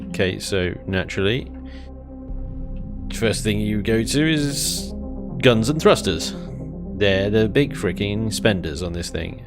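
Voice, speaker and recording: A man chatting casually while live-streaming a building game, thinking aloud and chuckling often. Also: on the low side.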